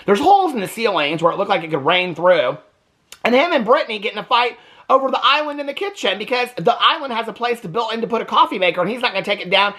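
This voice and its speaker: Sassy fast-talking man recapping TV. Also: sits high. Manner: sassy, animated, keeps adding "okay?". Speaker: TV reaction vlogger. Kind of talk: casual TV recap commentary.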